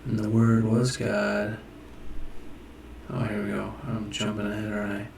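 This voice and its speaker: Casual teacher, man, gravelly and unhurried, off-mic in a roomy space, muses aloud. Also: on the low side, monotone, recorded from a distance, background noise. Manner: musing, self-correcting, thinking aloud. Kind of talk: casual screen-share lesson. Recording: echoey room, off-mic.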